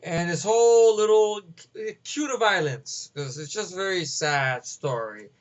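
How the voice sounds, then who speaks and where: Male movie ranter: high voice, rambling and profane, slightly muffled audio. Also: measured pace. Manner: rambling, profane, many fillers. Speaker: movie reviewer. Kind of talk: casual movie rant.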